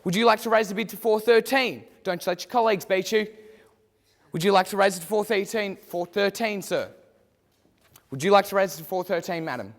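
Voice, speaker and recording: A man with a high voice works the room as auctioneer, pressing the crowd for bids again and again. His voice rings out with a long hall reverb. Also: fairly quick. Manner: theatrical, repetitive bid calling. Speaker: student auctioneer. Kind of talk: mock auction calling.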